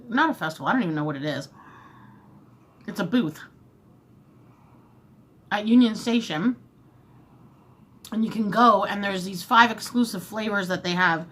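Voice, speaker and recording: A woman vlogger of medium pitch eats and chats through a long story in a casual, animated way. She frequently acts out what was said, both by her and by others.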